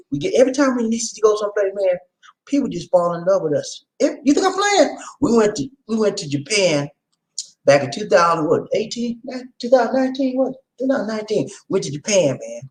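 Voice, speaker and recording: A male channel host chatting casually with subscribers, playful and animated, leading call-and-response chants. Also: on the high side, low-quality recording. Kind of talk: casual livestream chat with subscribers.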